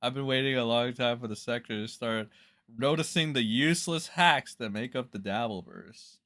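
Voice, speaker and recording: A man's voice: mid-range voice, moderate pace, fairly bright tone. A man ranting profanely on a casual livestream, with loose fillers.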